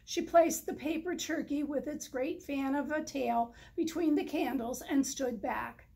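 Slow, high-voiced woman reading a storybook. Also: vocal fry, warm tone. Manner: slow, careful read-aloud. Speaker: story reader. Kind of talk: reading a children's picture book aloud.

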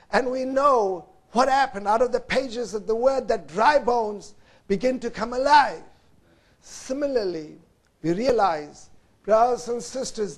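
A man with a very high-pitched voice preaches a sermon at a slow, deliberate pace. He swings between loud, emphatic lines and hushed, low passages, and he keeps calling out to his listeners as brothers and sisters. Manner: repeats "brothers and sisters" as an address.

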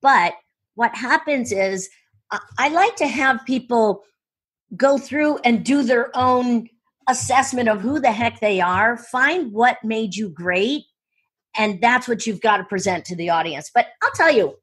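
A woman speaking coach telling stories in an interview, excitable and full of quick restarts and asides. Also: fairly high pitch, breathy edge. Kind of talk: enthusiastic interview storytelling.

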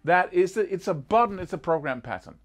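A man teaching a guitar lesson in a casual, animated way, sometimes singing rhythms as syllables. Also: high voice, brisk. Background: guitar playing.

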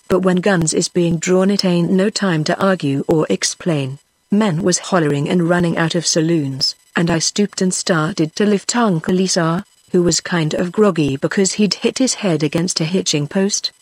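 A text-to-speech woman's voice with a British accent, reading an audiobook in an even, steady way. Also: on the low side, husky, no echo. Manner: even, steady machine-read delivery. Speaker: audiobook narrator.

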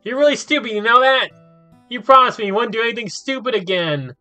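A man doing a shrill scolding schoolgirl. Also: expressive, fairly quick, bright, forceful tone, faint music behind, heavily acted. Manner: scolding, high-pitched put-on girl voice. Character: angry cheerful high school girl.

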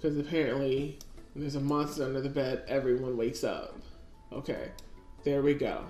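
A woman's voice: deep voice, normal speed, darkish tone. Chatty woman narrating gameplay. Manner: chatty, talks to her game characters. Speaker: let's-play gamer. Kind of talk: casual gameplay commentary. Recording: echoey room with faint music.

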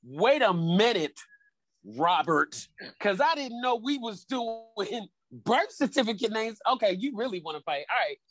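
A woman from the South draws out her words, playing mock-offended. Her voice is lively, and the sound is dry and close. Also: a little high, unhurried, no room sound, low-quality recording. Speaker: podcast guest. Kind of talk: casual podcast chat.

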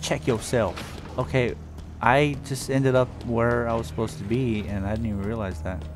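A man hosting a gaming channel, talking casually as he plays and breaking into loud exclamations and slang. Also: mid-range voice, fairly even intonation, moderate pace. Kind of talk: casual gameplay commentary. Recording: loud game music behind the voice.

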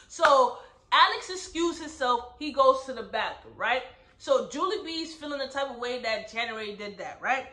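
Bright-voiced woman recapping a novel. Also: high voice, measured pace. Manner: animated storyteller, asks "right?" often. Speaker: book club host. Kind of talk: casual book recap. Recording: roomy echo.

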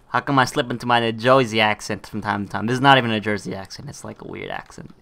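A man's voice: on the low side, fairly even intonation, quick pace, creaky, few pauses, sharp tone. A young man giving casual let's-play commentary, laughing and swearing freely as he plays. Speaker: gameplay commentator.

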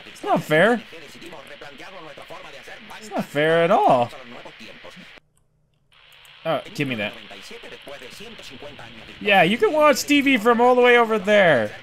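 An excitable man commenting on a game as he plays, with a high, lively voice that jumps all over the place. He drawls at an unhurried pace between bursts, swears freely, and yelps when startled, with faint game music underneath. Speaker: gamer. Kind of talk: let's play commentary.

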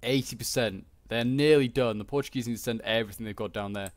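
A man's voice: medium pitch, quick pace, no echo, clean studio sound. Chatty man commenting on gameplay. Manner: chatty and rambling, many fillers like "like" and "uh".

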